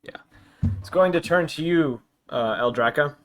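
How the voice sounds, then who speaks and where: A man's voice: a little high, normal speed, a little hiss or hum. A man narrating as dungeon master in a tabletop game, hesitant and full of ums and uhs.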